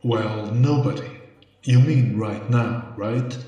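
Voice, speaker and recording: A man putting on a suave, smug secret agent with a husky, breathy voice, pitched in the middle range. He keeps the purring "sexy" tone in every line. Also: slow pace, warm tone, dull audio.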